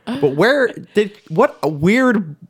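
A man guesting on a casual movie review podcast, animated and casually profane. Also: high-pitched, takes it slowly, slightly rough.

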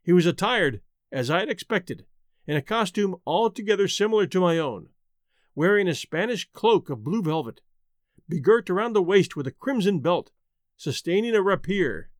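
A man reads a gothic tale aloud in a high, highly expressive voice that rises and falls freely. He keeps a measured pace and slows down to weigh key phrases. The sound is dry and close. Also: dry recording. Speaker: narrator. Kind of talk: dramatic reading of a gothic tale.

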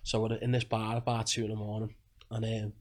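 A man's voice: fairly low pitch, monotone, brisk, a little mellow. A man telling a rambling, crude holiday story on a podcast, laughing and swearing as he goes. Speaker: podcast guest. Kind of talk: casual chat, storytelling.

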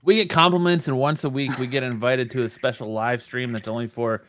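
A man's voice: mid-range voice, fairly even intonation, a little fast, a bit bright. A man with an ordinary mid-range voice tells wry, laid-back stories while co-hosting a casual podcast. He drops dry jokes into the chat. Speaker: podcast co-host.

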